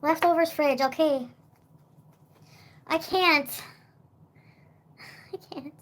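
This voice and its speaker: A woman's voice: high voice, slow pace. A young woman livestreaming, rambling in casual chat with lots of "like" and swearing.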